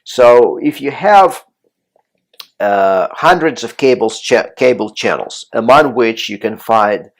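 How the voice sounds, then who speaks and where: A man giving a recorded college lecture on politics and the media, speaking in a measured way with frequent "uh" fillers and restarts. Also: mid-range voice, expressive.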